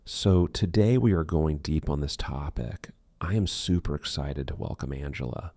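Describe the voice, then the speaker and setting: Man, narrator for a pronunciation lesson, deep voice with lots of fry, steady read-aloud delivery. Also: moderate pace, few pauses, no echo. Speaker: English pronunciation teacher.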